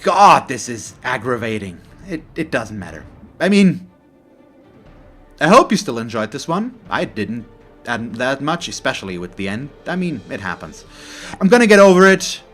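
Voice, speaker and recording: A man's voice: medium pitch, sing-song, normal speed, a bit bright, husky, soft background music. A man commentating his own game as host of a let's play, talking in a frustrated, openly salty way with frequent sighs. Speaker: gaming channel host.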